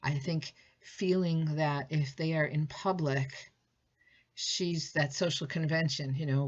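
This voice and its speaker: A woman's voice: low-pitched, steady tone, slow pace, highs cut off. A woman teacher giving a recorded lesson in a conversational way, thinking aloud with fillers and restarts.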